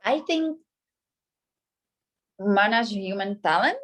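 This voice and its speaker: A woman's voice: mid-range voice, expressive, slow. A woman student giving short, tentative answers in an online class.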